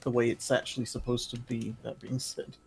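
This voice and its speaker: A man's voice: mid-range voice, flat delivery, fairly quick, creaky, a little hiss or hum. A man streaming a video game, chatting casually, explaining at length and laughing often. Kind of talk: casual chat while gaming.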